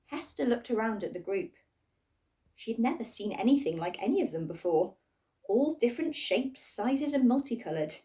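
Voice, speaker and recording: A woman reading a children's storybook aloud in a playful, expressive way. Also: fairly high pitch, moderate pace, distant mic.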